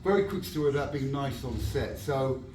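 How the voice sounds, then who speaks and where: A man and guest actor telling anecdotes on a fan panel, animated and laughing, acting out voices in his stories. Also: mid-range voice, normal speed, slight background noise. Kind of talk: anecdotal storytelling to an audience. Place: event hall before a live audience. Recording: echoey hall, distant mic, crowd.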